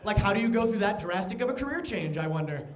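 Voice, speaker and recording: High-voiced young comedian in echoey room. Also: male voice, expressive. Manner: conversational, quick asides, mock voices for quoted people. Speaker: stand-up comedian. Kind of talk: stand-up comedy set. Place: comedy venue with live audience.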